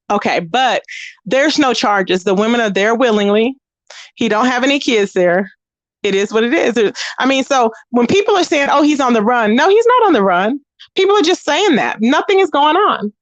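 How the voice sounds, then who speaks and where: High-voiced chatty woman, dry close mic. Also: no echo. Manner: chatty and blunt, greets viewers by name. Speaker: host of a live commentary stream. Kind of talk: casual live-stream chat.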